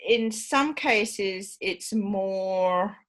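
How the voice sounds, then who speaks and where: A woman's voice: medium pitch, very slow. A middle-aged woman lecturing a class, explaining patiently with many fillers and acting out sample phrasings. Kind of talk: university lecture.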